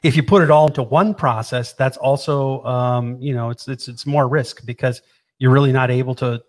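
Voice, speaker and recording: A man casually explaining a technical process over drawings, animated and playful, often repeating words. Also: medium pitch, moderate pace. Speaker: presenter explaining equipment.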